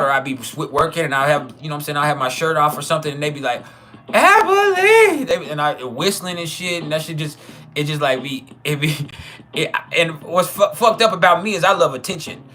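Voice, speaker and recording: Bright-voiced man telling a profane story. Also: on the high side. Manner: profane, chuckling, trailing restarts. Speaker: channel host. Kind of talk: casual storytelling monologue.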